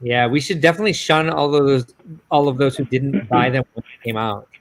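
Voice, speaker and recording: A man's voice: medium pitch, fairly quick, rough recording. A man co-hosting a hobby live stream from a video call, chatting casually with teasing banter. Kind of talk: casual chat.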